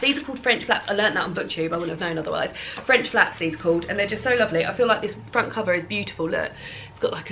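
A woman's voice: medium pitch, bright, forceful tone, a little hiss or hum. A young woman giving a casual, rambling tour of her bookshelf, with lots of ums and restarts. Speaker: book vlogger. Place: home, at a bookshelf.

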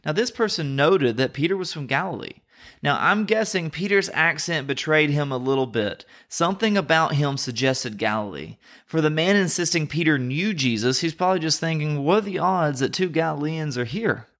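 A man's voice: on the high side, lively intonation, moderate pace, a bit bright. A man from North Carolina with a Southern American accent, hosting a podcast and giving an earnest, reflective Bible teaching. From North Carolina, USA.

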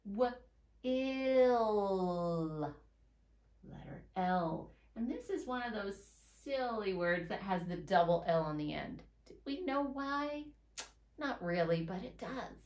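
A woman teaches young children to read and write, spelling out each letter slowly and deliberately. Her pace is very unhurried, and the room around her sounds roomy and echoey. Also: medium pitch, lively intonation, darkish tone. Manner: slow, sounds out letters and words one by one. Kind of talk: reading and writing lesson for young children.

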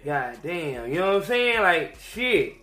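Man, young, crude podcast rant; higher voice, echoey room, faint music. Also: measured pace. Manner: profane, animated, swings between loud outbursts and mutters. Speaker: podcast host.

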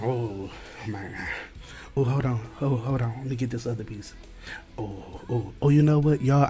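A man chatting casually to his viewers in a home vlog, talking to them as y'all and full of quick asides. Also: mid-range voice. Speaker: vlogger. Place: at home, kitchen.

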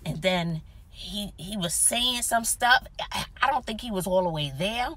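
A woman's voice: medium pitch, measured pace, no echo. A woman vlogger telling a dramatic story in casual chat, often dropping to whispers, recorded inside a parked car. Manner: animated, dramatic retelling with whispered asides.

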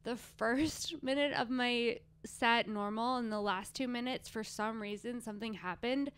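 A woman's voice: a little high, measured pace, a bit bright, smooth. A woman from Southern California, a stand-up comedian chatting casually as a podcast guest and telling stories in a laid-back way.

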